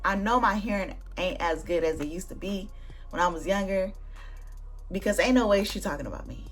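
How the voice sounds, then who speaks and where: A young woman hosts her own channel and spins a story in loose, slangy everyday talk. Her voice sits in a plain middle register. Faint music plays quietly underneath. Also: medium pitch, brisk. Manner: animated, slangy, conversational storytelling. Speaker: booktuber vlog host. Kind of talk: casual storytime chat.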